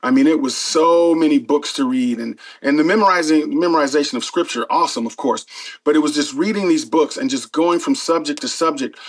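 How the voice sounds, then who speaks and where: A man's voice: a little high, fairly quick, poor audio. Earnest middle-aged man telling stories. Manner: earnest, animated when retelling, frequent fillers. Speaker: pastor and former pro football player. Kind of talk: casual storytelling interview.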